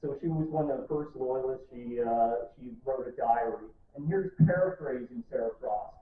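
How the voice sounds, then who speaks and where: A man's voice: mid-range voice, moderate pace, slight background noise. A man giving a playful, joking history talk to a live audience in a library room. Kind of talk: lively public lecture. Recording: distant, echoey, tinny room recording.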